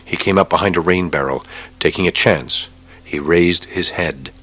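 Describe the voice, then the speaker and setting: A man narrating an audiobook with a steady, measured reading. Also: low-pitched. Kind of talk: scripted narration.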